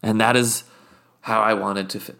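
A man's voice: fairly low pitch, flat delivery, moderate pace, gravelly, bright, forceful tone, pitched below the performer's own voice. A man voicing a pompous, wealthy British podcast guest with a put-on British accent, talking in a haughty, rambling, condescending way. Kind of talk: improvised comedy character.

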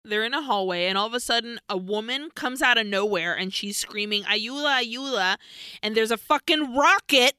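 A woman co-hosting a podcast, recapping a horror film in a profane, animated, casual way. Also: a little high, a little fast, hardly any pauses, clear, resonant tone, no room sound. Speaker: podcast co-host.

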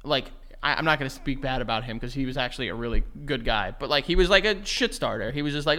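A man's voice: medium pitch, animated, quick pace, hardly any pauses, bright, forceful tone. A young man co-hosting a podcast, telling rambling stories in casual chat, swearing and laughing easily. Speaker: podcast co-host.

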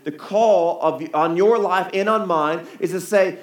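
A man's voice: fairly high pitch, normal speed, hardly any pauses, echoey room. A man preaching a sermon in a conversational way, asking the crowd rhetorical questions. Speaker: pastor. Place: church hall.

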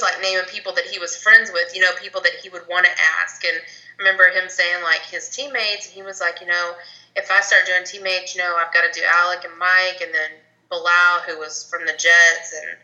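A woman in casual chat, chatty and quick to affirm what others say. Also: on the low side, pushed and bright, dull audio.

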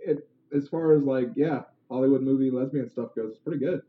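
A man's voice: medium pitch, fairly quick. A man in casual chat, reacting to a friend's story with wry quips. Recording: echoey, phone-like sound.

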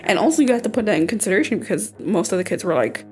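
Over faint background music, this young female podcast co-host races through casual chat in an expressive, mid-range voice with a darkish tone. Her delivery is loose and conversational, peppered with fillers and restarts.

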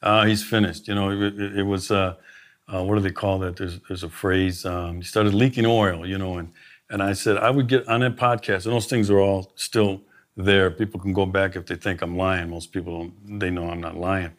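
A man's voice: sits low, normal speed. A man, a former sheriff, telling stories in a conversational interview and acting out what he and others said. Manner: animated anecdotes, quoting himself and others. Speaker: podcast guest, former sheriff.

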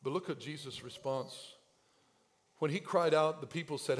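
A man preaching a sermon as pastor, acting out the scene and swinging from hushed asides to shouted cries. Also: a little high, normal speed. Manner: dramatic, acts out voices, swings from hushed to shouting.

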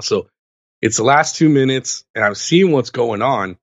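A man's voice: mid-range voice, moderate pace, no echo, dull audio. A man co-hosting a sports podcast in casual chat, telling stories and ranting with lots of energy. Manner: animated ranting storyteller. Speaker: podcast co-host.

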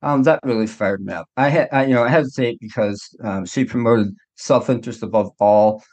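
Middle-aged guy, doctor, thinking out loud in an interview, lots of restarts, regular pitch. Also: a little fast. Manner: reflective, with frequent restarts and hedges. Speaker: guest, doctor. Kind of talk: candid interview conversation.

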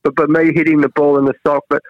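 A middle-aged Australian man in a relaxed interview, telling stories and acting out what others said. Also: quick pace, no echo. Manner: animated, acts out quoted voices with big pitch jumps. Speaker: national cricket head coach, guest. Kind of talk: casual storytelling interview. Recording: dry, dull lo-fi sound.

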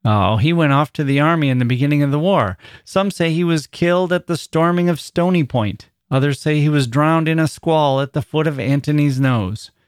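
A man's voice: on the high side, moderate pace, few pauses, smooth, no echo, studio quality, lightly acted. A man voicing an old village man with a thin, piping voice. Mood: matter-of-fact.

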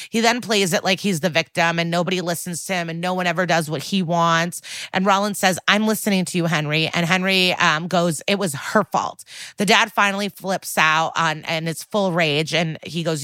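A woman's voice: on the low side, normal speed, sharp tone, no room sound. A woman co-hosting a podcast, recapping a TV episode in a sarcastic, casual way and acting out the quoted lines. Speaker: podcast co-host.

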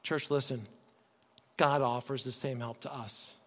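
A man's voice: mid-range voice, fairly even intonation, measured pace. A man preaching a sermon as pastor, earnest and pleading, often restarting his words. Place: church sanctuary. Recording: long reverb, faint music behind.

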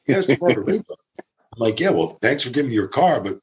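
A man casually telling a backstage story, animated and acting out the people he quotes. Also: quick pace, dull audio. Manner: animated, acts out quotes with big pitch jumps. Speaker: former ring crew member telling stories.

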